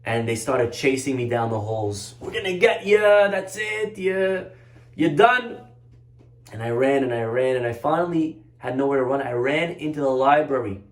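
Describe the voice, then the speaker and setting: A man giving a storytelling religious lesson as a rabbi, animated and acting out the voices in his tale. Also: medium pitch. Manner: animated storyteller, acts out quotes. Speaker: rabbi teacher. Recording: echoey room.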